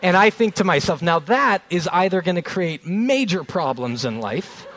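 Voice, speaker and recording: A man in his thirties preaching a sermon, telling a family story and slowing down on key phrases. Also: high voice, expressive, fairly bright tone, a little hiss or hum. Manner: storytelling with rising emphasis, slows on key phrases. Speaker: pastor.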